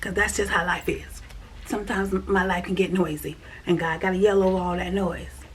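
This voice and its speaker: A woman's voice: lowish voice, level tone, normal speed. Earnest woman sharing her faith. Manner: earnest, repetitive, drifts into soft whispers. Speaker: vlogger sharing a faith check-in. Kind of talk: casual spoken testimony to camera. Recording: faint background noise.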